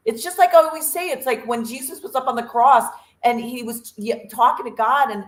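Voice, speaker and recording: A woman's voice: a little high, a little fast, reverberant, rough recording. A woman co-hosting a casual motivational chat, earnest, telling stories and acting out quotes. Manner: earnest, storytelling, acts out quotes. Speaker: co-host.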